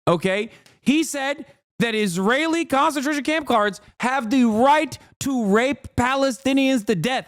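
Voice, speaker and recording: A man's voice: very high voice, a bit bright, no room sound, studio quality. Heated, profane man ranting on stream. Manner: heated, profane, sarcastic rant.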